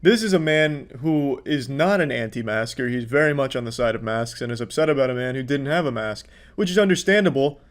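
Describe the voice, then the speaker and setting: A man's voice: medium pitch, fairly quick, hardly any pauses. A man giving sarcastic, profane reaction commentary on video clips, mocking the people in them.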